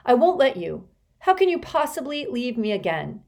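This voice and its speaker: A woman reading an audiobook, voicing a fierce, stubborn girl who talks loud and insistent. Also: on the low side, monotone, brisk, natural voice. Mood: defiant.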